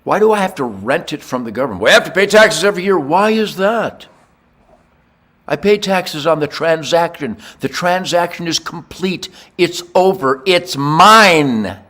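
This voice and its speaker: An older man hosting a podcast, ranting in a rambling monologue with crude jokes, swinging from low mutters to loud shouts. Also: animated, normal speed. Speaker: podcast host.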